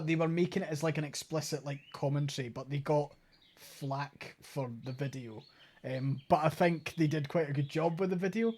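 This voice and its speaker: A man with a Scottish accent, chatting casually and rambling while streaming a game, swearing now and then. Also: fairly high pitch. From Scotland. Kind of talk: casual game let's play commentary.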